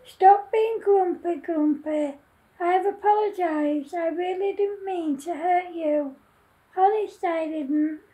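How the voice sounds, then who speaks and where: A woman voicing a tearful little female monster in a storybook reading, pleading softly and slowly. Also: very high-pitched. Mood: sorry.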